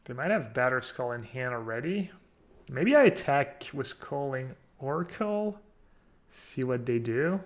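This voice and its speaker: A man streaming a card game, chatting casually and thinking out loud while poking fun at himself. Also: medium pitch, sing-song, unhurried. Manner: chatty, self-mocking, thinks aloud. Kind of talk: casual live-stream commentary.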